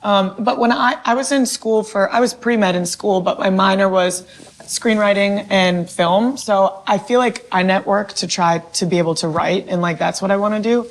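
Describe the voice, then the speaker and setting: A woman's voice: medium pitch, moderate pace, poor audio. A young woman from the area, a guest chatting casually, upbeat and blunt. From Boston area. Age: young adult. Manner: upbeat, laughs easily, blunt. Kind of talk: casual chat.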